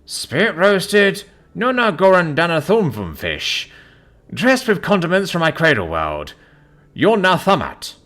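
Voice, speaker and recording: A man voicing a huge four-armed alien woman selling street food, speaking slowly and bluntly. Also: on the high side, wildly swooping pitch, fairly bright tone, voice pushed up, exaggerated voice. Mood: curt.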